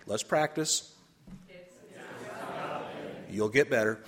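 Husky, animated preacher man. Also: medium pitch, slow pace, pauses often. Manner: animated, swings from loud to quiet asides. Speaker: pastor. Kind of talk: storytelling sermon.

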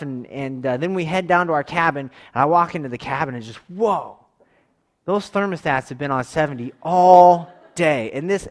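A man's voice: fairly high pitch, big-room sound. A man in his thirties casually telling a long family camping story, rambling with restarts and acting out quotes. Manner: rambling, animated, with quick restarts and voiced quotes. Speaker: father telling a church camp story.

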